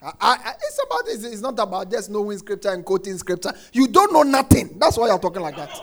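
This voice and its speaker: A man preaching a sermon, quoting scripture and repeating his refrain, dropping soft and then shouting. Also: sits high, sing-song, quick pace. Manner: emphatic, repeats phrases, swings between soft and shouted lines; quotes scripture, acts out congregants' complaints.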